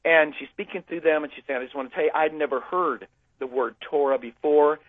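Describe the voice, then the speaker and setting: He's an American guest whose voice sits on the high side, speaking briskly with no room sound. Calling in by phone, he stumbles through a long story for the host, with frequent fillers and restarts.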